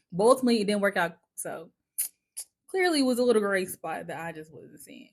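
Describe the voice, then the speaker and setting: A woman vlogger telling a personal story in a casual, candid way, chatty and expressive, with lots of filler words and some swearing. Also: mid-range voice, moderate pace, slightly rough.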